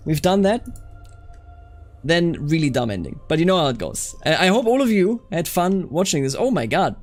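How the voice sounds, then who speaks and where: A man streaming a strategy game, reading event text aloud and reacting loudly to what happens. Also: sits high. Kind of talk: live game stream commentary.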